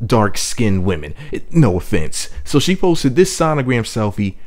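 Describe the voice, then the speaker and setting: A man's voice: on the low side, very animated, a little slow. A man hosting a celebrity gossip channel, talking in a brash, joking, rambling way with loose asides. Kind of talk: casual gossip commentary.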